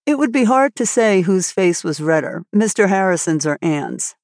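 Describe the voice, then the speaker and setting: A woman narrates a classic storybook in a measured, expressive reading voice at a middle pitch. The recording is close and dry, with no room sound. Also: no room sound. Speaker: audiobook narrator.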